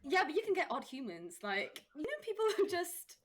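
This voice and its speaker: A woman's voice: sits high, wildly swooping pitch, a little fast. A woman streamer as a guest in a casual chat, giggly and hesitant.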